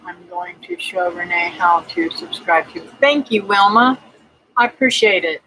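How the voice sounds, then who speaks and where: A woman's voice: on the low side, fairly even intonation, unhurried, background noise. A woman hosting a casual homestead livestream, chatting and greeting viewers by name with lots of ums and uhs. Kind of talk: casual livestream chat reading viewer comments.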